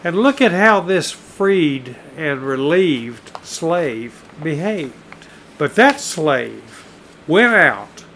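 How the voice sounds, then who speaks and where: Male pastor, sermon delivery, unhurried and emphatic, faint background noise. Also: high-pitched, fairly bright tone, rough recording. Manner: slow, deliberate preaching, voice rising for emphasis.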